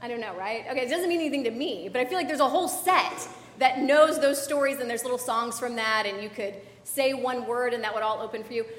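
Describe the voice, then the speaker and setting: In a church sanctuary, a young adult woman pastor gives a conversational sermon, chatty and full of fillers and asides to the congregation. Her voice is a little high and a bit bright, and she talks fast. The recording echoes like a church hall.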